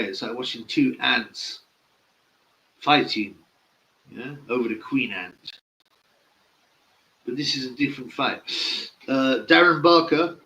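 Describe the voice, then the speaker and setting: A man's voice: mid-range voice, pushed and bright, muffled recording. A man giving casual live-stream boxing commentary, blunt, mocking and opinionated.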